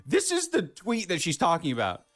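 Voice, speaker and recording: A man's voice: high voice, huge pitch swings, moderate pace, fairly bright tone. A man ranting indignantly and profanely in a podcast clip, emphatic and swearing. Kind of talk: heated podcast rant.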